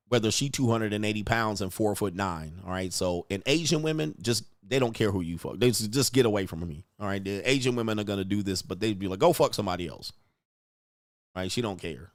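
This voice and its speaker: A man's voice: on the low side, no echo, clean studio sound. A man hosting a livestream, ranting crudely and rambling, constantly saying "all right" between points. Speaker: livestream host. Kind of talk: casual livestream rant.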